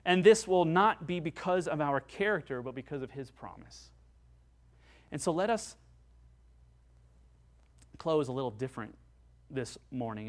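Pastor guy giving a sermon, earnest, goes quiet then loud, kinda high voice. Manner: earnest, swings between soft and loud.

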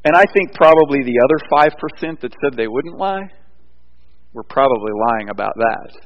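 A man preaching a sermon, moving between loud emphatic points and quiet, rambling storytelling with frequent restarts. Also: medium pitch, expressive, moderate pace. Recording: dull sound with long hall reverb.

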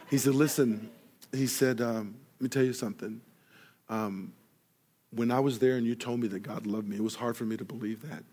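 Man, pastor, sermon, storytelling, acts out voices, loud then hushed. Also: mid-range voice, brisk. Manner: animated storyteller, acts out dialogue, grows loud in excitement; drops soft and quiet for earnest moments.

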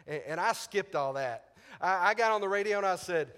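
Preacher telling a story in a reverberant hall. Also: male voice, high-pitched, fairly quick, smooth. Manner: animated storyteller, acts out radio dialogue, laughs often. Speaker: pastor. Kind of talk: sermon with personal story.

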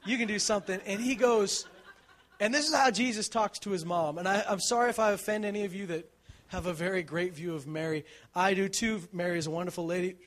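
A man's voice: sits high, fairly quick. A male pastor preaching a sermon in a conversational storytelling way, acting out the people in the story and often asking "right?". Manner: animated storytelling, acts out quotes, shouts for emphasis.

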